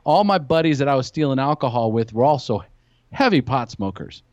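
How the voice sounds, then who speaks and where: A man's voice: medium pitch, animated, a little fast, a little mellow, no echo. A man, a podcast guest, telling stories in casual chat and acting out his friends' voices. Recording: dry, dull lo-fi podcast audio.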